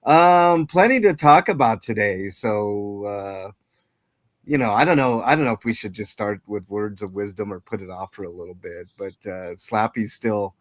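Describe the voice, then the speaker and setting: A man's voice: on the low side, normal speed, no echo, clean studio sound. A man hosting a casual livestream chat, greeting viewers and rambling with many fillers and restarts. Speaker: livestream host.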